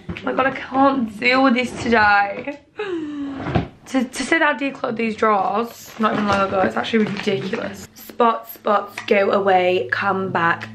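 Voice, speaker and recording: Young woman, rambling vlog chat, mid-pitched voice, phone camera at home, faint background hiss. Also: normal speed. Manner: chatty and rambling, often dropping to a quiet voice. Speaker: lifestyle vlogger. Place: at home in a bedroom at night.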